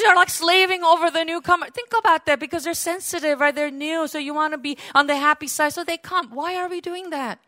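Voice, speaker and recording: A woman pastor giving a sermon, lively and conversational, acting out little quoted exchanges and laughing as she goes. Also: high-pitched, fast talker, few pauses, dry recording, clean studio sound. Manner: animated, acts out quoted voices, laughs often.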